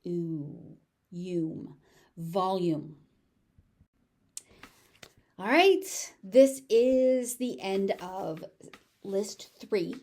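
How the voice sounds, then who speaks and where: A woman with a General American accent leads a pronunciation lesson at an unhurried, deliberate pace. She says each word slowly and clearly, repeats it several times, and adds short tips between the words. Her voice sits at a medium pitch. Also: expressive, a little mellow. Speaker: English pronunciation teacher.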